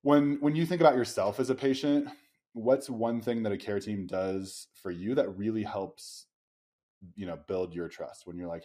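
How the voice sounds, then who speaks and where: Deep-voiced man hosting a podcast. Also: moderate pace. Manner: warm, reflective, hesitant with many ums. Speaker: podcast host. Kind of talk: interview conversation.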